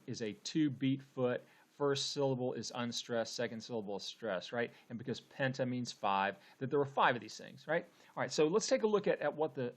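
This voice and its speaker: Man, casual lecture voice, conversational, filler-heavy. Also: mid-range voice. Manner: conversational, frequent "okay" and fillers. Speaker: teacher.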